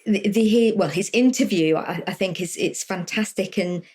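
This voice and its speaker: A woman co-hosts a podcast in a casual chat, speaking gently and with appreciation. She restarts her phrases often as she gathers her thoughts. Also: mid-range voice, normal speed, husky. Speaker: podcast co-host.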